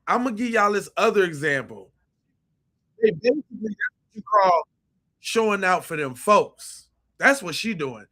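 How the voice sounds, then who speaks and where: A man's voice: high-pitched, lively intonation, moderate pace, long pauses, bright, forceful tone. A man hosting a podcast, giving blunt, profane commentary on video clips and often repeating and restarting his phrases. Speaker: podcast host.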